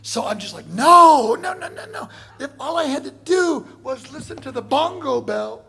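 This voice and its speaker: A man teaching a drum masterclass, telling a long story in an animated way and acting out other people's voices with shouts. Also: very high voice, moderate pace, creaky. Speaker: drum clinician. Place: college classroom before an audience.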